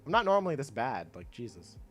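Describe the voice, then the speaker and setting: A man's voice: mid-range voice, big pitch swings, fast talker, fairly bright tone, soft background music. Chatty young man streaming a game. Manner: laid-back, chatty, laughs often, reads chat aloud. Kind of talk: casual livestream chat while gaming.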